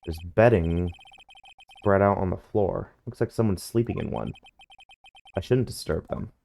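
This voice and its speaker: A man's voice: low-pitched, a little slow, vocal fry, darkish tone. A man reading game dialogue aloud in a dry, wry tone during a playthrough.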